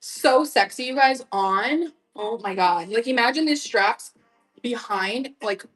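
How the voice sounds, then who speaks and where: Young woman live-seller, chatty and gushing, a little high-pitched, casual stream host. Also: animated, measured pace, a bit bright, faint music behind, rough recording. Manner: chatty, gushing, talks straight to viewers. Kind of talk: casual live-selling chat.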